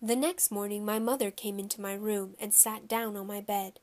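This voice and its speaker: A woman narrates a children's audiobook with expressive storytelling, using a mid-range voice at a moderate pace.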